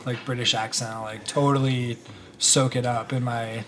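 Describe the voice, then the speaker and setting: Relaxed male podcast host. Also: medium pitch, moderate pace, a little hiss or hum. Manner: friendly, relaxed, uses fillers like "like". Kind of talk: podcast intro and casual interview.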